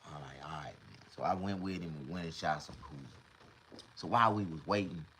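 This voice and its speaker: A middle-aged man, talking casually on a livestream and swinging between loud mock crying and low muttering. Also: fairly quick, slight background noise.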